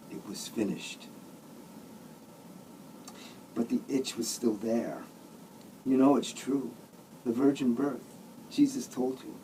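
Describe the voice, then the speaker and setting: A man's voice: mid-range voice, mellow, recorded from a distance, a little hiss or hum, poor audio. A man, the author, reading his own comic novel aloud in a sardonic, grumbling manner with mock outbursts.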